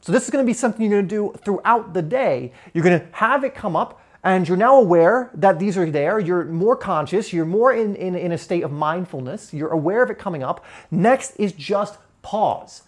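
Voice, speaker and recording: A man's voice: sits high, animated, normal speed, few pauses. A young man teaching at a whiteboard in an earnest, conversational way, with shifting emphasis. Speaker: self-help coach.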